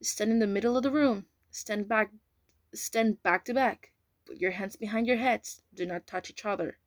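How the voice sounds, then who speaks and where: A cold, commanding man barks flat, clipped orders through a telescreen in a spoken audiobook , as a woman reads him. The voice sits in the middle of her range and sounds dry and close. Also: medium pitch, normal speed, dry recording, lightly acted.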